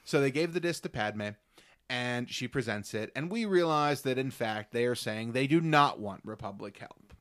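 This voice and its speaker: Animated man recapping episodes. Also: mid-range voice, normal speed. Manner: animated storytelling, drops into mock voices. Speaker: podcast co-host. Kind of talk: casual chat recapping episodes.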